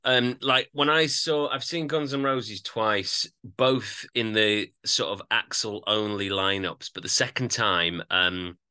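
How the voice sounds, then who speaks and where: A man co-hosting a podcast, chatting casually about an album with animated, musing asides. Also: fairly low pitch, slow pace, hardly any pauses, clear, resonant tone. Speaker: podcast co-host. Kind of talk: casual album review chat.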